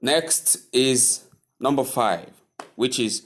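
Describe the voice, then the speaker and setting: Slow, deliberate male pronunciation teacher. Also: mid-range voice. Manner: repeats words slowly, drills the listener. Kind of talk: slow, deliberate spoken lesson.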